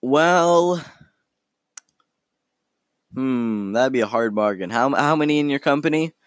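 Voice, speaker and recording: A man's voice: mid-range voice, animated, takes it slowly, no echo. A man voicing a nervous townsman who stammers and rambles while begging for help. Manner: stammering, panicky.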